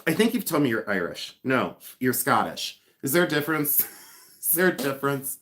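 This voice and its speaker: This livestream host, a man in his fifties, keeps things playful by teasing his viewers by name, ribbing himself and humming or scatting tunes during a casual chat. His medium-pitched voice is very animated, a bit bright and moderately paced.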